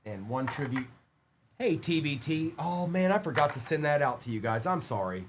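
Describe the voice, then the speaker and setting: A man's voice: on the high side, animated, moderate pace, slight background noise. A man hosting a live-stream trading card break, chatting upbeat and casual while rattling off player names as he opens packs.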